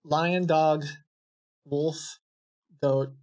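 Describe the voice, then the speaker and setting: A man hosting a podcast in casual chat, playfully acting clueless and deadpan while prank-calling a scammer. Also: on the high side, drawn-out words.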